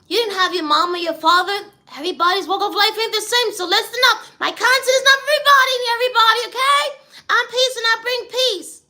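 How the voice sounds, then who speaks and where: A squeaky, bright, preachy encourager. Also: male voice, fast talker, full character voice. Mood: fervent. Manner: preachy, repeats "neighbor" and "you know". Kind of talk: spoken-word pep talk.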